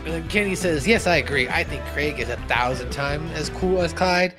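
A man's voice: on the high side, normal speed, over music. A man casually recapping a cartoon episode, laughing and acting out lines from it. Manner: animated, laughing, acts out character lines. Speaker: podcast host.

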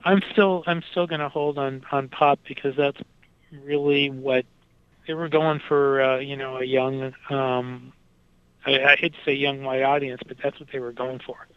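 A man's voice: mid-range voice, level tone, moderate pace, clear, resonant tone, no room sound, dull audio. A man talking casually about music, with lots of fillers and restarts as he thinks aloud. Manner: hesitant, many fillers and restarts.

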